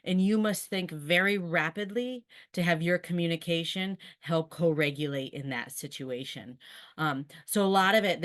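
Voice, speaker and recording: Low-voiced woman teacher explaining earnestly. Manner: earnest and explanatory, practical advice. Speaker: special education teacher. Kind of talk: webinar presentation.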